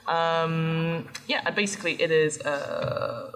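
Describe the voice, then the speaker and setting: A woman's voice: sits low, takes it slowly, a bit bright. A woman running a live tabletop role-playing game before an audience, chatty and explaining the rules as she goes. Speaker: game master.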